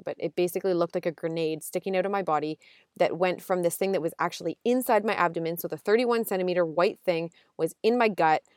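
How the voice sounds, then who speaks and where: A young woman talks through a casual solo podcast episode, chatty and emotional, often breaking into quick asides and restarts. Her voice sits a little low for a woman and comes through a close, dry mic with no room sound. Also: no room sound. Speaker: podcast host.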